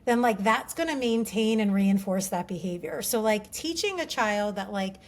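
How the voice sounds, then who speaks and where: A woman's voice: medium pitch, lively intonation, moderate pace. A woman speaking as a parenting-coach guest on a podcast, earnest and reflective, telling stories with many filler words. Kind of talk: casual interview chat.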